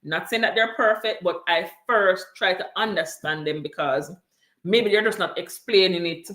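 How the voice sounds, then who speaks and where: Earnest woman, lower voice, echoey room. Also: normal speed, a bit bright. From came to Canada from abroad. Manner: earnest, emphatic, repeats key points. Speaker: parent sharing experiences on a livestream. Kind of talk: casual chat.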